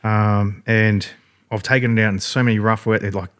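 A man's voice: on the low side, steady tone, moderate pace, fairly bright tone. An Australian man telling a story in a rambling, laid-back way, swearing freely. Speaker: podcast guest. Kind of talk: casual storytelling.

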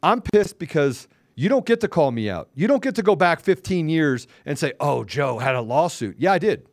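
A man's voice: on the high side, very animated, moderate pace, no room sound, studio quality. A man hosting a podcast, delivering a heated, confrontational rant with mild cursing and repeated phrases for emphasis. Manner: combative, confrontational, taunting. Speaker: podcast host.

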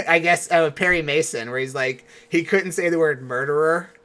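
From the United States, this man co-hosts a casual podcast. His voice is bright and forward, and he tells animated, rambling stories full of asides. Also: on the high side, moderate pace. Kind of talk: casual chat.

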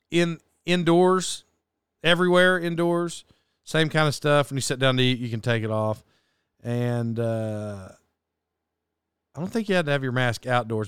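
Man, casual podcast storyteller: rambling, self-doubting, lots of restarts and chuckles; somewhat high, smooth voice. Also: a bit bright, no echo, clean studio sound.

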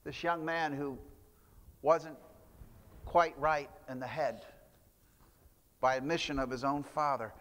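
A pastor preaches a sermon in a large hall, telling stories with frequent restarts and fillers. His voice sits on the high side and is fairly bright, with fairly even intonation and a slow pace full of pauses.

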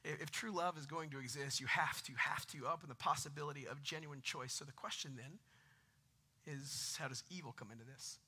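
A man's voice: fairly high pitch, a little fast, pushed and bright, slightly rough. A man, preaching a conversational sermon with jokes and rising emphasis. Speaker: pastor.

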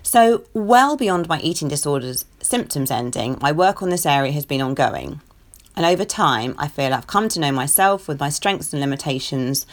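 Woman, podcast host, low gravelly voice, gentle and sincere personal talk. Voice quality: croaky today. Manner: gentle, earnest, self-disclosing.

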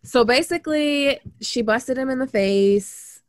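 A woman talking casually and with animation, blunt and quick to swear. She slips into little acted-out quotes as she goes. The sound is close and dry. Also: high voice, dry recording. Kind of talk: casual book discussion.

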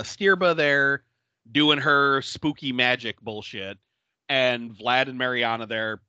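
Animated, bright-voiced man recapping a movie. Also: mid-range voice, no room sound, lo-fi sound. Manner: laughing often, animated retelling with quoted voices. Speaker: podcast co-host. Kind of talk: casual movie recap chat.

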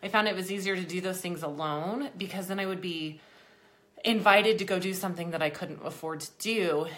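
A woman's voice: deep voice, a bit bright. A young woman, slightly out of breath, talking in a chatty, rambling way with many asides as host of a motivational talk. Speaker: host of an exercise program for people with MS.

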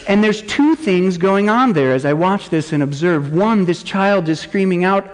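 A man's voice: sits high, expressive, a little slow, hardly any pauses. A man, a middle-aged pastor, preaching a sermon with earnest intensity, voicing prayers as rising cries. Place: church sanctuary. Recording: long church reverb.

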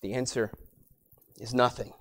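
A man preaching a sermon as pastor, rising to loud emphatic peaks and dropping to quiet low asides, repeating words as he builds his points. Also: fairly even intonation, measured pace.

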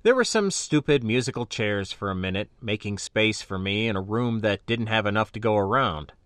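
A man's voice: fairly low pitch, animated, normal speed, a bit bright, clean tone, no echo. A man narrating a science fiction story in the first person. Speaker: audiobook narrator.

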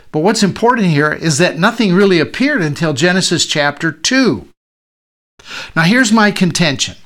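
A man's voice: fairly high pitch, a bit bright. A man as pastor preaching a sermon, reading scripture aloud and then teaching from it with frequent restarts.

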